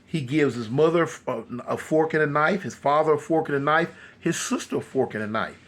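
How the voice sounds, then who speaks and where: A man telling a horror story casually, animated and loose with many fillers. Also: on the high side, a little fast.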